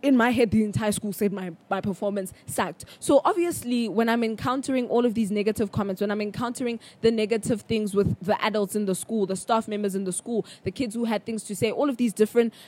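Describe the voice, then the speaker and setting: A young South African woman hosting a podcast, telling a personal story in a chatty, animated way with bursts of laughter. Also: mid-range voice, brisk, hardly any pauses. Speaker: podcast host. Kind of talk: casual storytelling monologue.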